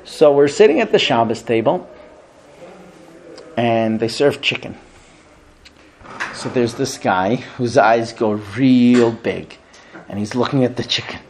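A man teaching a religious class, telling stories in an animated way and often laughing. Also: medium pitch, slow pace, pauses often, slight background noise. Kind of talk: storytelling religious lesson.

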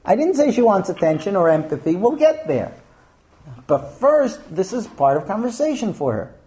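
A man's voice: high voice, a little mellow. A man giving a humorous talk to an audience, telling stories, acting out quotes and making numbered points. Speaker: speaker giving a talk on marriage.

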